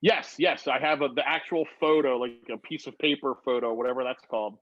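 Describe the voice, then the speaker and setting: Chatting on his phone over a video call, a man briskly delivers a rambling, foul-mouthed story with lively animation. His pitch is medium, and the lo-fi recording has no room sound.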